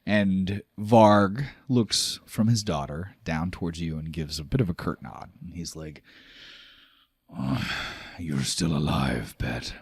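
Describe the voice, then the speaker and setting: A man runs a tabletop fantasy game, describing scenes in a loose, rambling style. His voice sits low, and the sound is dry. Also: unhurried, few pauses, darkish tone, slightly rough, dry recording. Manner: loose, filler-heavy narration. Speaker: game master.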